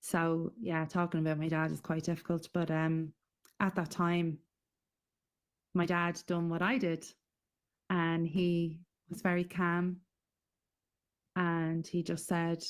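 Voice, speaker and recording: A middle-aged Irish woman giving a halting, emotional personal testimony as a guest in an interview. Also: lowish voice, completely flat delivery, clean tone. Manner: halting and emotional, with frequent pauses and fillers.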